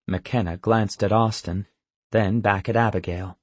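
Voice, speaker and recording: Slow, husky male audiobook narrator. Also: low-pitched, fairly even intonation, darkish tone, no room sound. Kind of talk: first-person audiobook narration.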